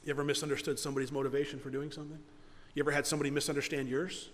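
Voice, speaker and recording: High-voiced preacher in an echoey hall. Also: male voice, rapid-fire. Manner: animated preaching, repeats words. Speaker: pastor. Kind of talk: sermon.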